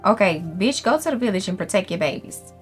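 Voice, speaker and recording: A woman gamer talks her way through a let's play, loud and profane and quick to shriek when startled. Her voice sits at an ordinary middle pitch, with faint game music behind her. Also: animated. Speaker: gaming streamer.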